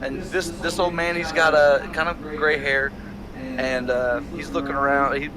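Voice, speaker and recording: A man narrating as game master of a tabletop game, halting often with fillers and restarts. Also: fairly high pitch, little pitch movement, a crowd in the background, poor audio.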